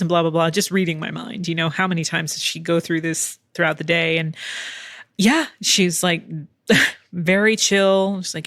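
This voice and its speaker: A woman's voice: fairly low pitch, steady tone, normal speed, fairly bright tone, no echo. Woman podcast host, candid storyteller, frequent laughs, dry close sound. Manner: candid, chatty, laughs often, swears casually. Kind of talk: casual storytelling monologue. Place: home in Texas.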